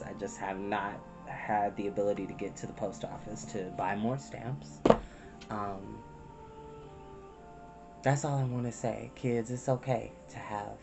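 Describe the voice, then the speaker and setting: A man speaks slowly and gently to his viewers in a low, soft voice, close to tears and pausing often. Music plays clearly in the background. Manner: soft-spoken, emotional, pauses often. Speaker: storytime reader. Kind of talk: candid personal talk to viewers.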